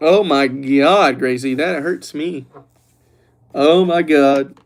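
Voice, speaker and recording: A young man hosting a livestream who chats loosely and teases the viewers while reading their comments aloud, relaxed after a few glasses of red wine. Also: a little high, slow pace. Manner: joking, teasing, reads chat aloud. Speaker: livestream host. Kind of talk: casual livestream chat.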